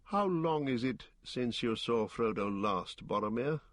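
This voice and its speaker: A man's voice: mid-range voice, expressive, unhurried, no echo, lightly acted. A man voicing a grave male ranger leader who speaks sternly and with command.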